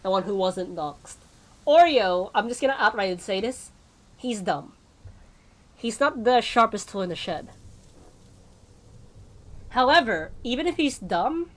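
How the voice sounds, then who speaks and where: Chatty woman streamer on tangents. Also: mid-range voice. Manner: rambling, tangent-prone, frequent laughs. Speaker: VTuber streamer. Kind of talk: casual gameplay stream chat.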